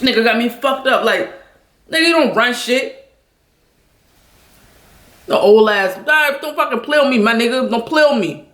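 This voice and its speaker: Loud, blunt woman venting. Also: a little high, lively intonation, moderate pace, pauses often, echoey room. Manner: loud, blunt and heavily profane. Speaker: vlogger venting on a livestream. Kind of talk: angry venting story.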